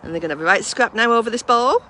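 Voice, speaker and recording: A woman's voice: a little high, animated, quick pace, pushed and bright, a little hiss or hum. Chatty woman cooing at her dogs. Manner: chatty, coos in baby talk to her dogs. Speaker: mindfulness class instructor. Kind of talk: casual live stream chat. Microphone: handheld phone.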